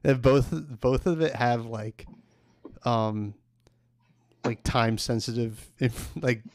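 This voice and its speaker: A man's voice: mid-range voice, fairly even intonation, slow, dry recording, studio quality. A man chatting casually as a podcast co-host, telling rambling stories full of fillers. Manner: rambling storyteller, heavy on "like" fillers. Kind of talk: casual chat.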